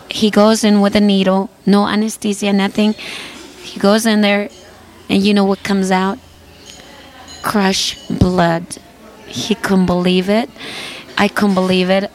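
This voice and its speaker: A woman's voice: mid-range voice, flat delivery, unhurried, long pauses, a little hiss or hum. A woman guest singer telling an earnest personal faith testimony, repeating phrases for emphasis.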